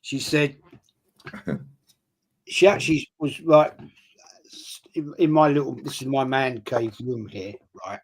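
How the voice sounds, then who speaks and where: A relaxed man joining a live fan chat as a guest, answering briefly and easily. His voice sits in a middle pitch. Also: slow, pauses often.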